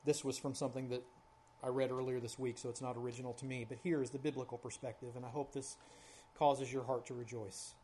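A man preaching a sermon at a church service, his mid-range voice climbing to loud, high peaks as the story builds. He then drops to a hushed, slow prayer. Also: level tone, slight background noise. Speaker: pastor.

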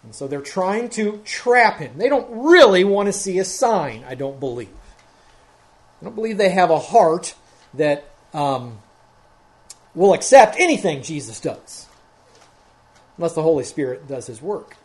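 A man's voice: fairly high pitch, sing-song, unhurried, pauses often. A man preaching an expository sermon as pastor, working methodically through a Bible passage verse by verse and growing more emphatic as he goes.

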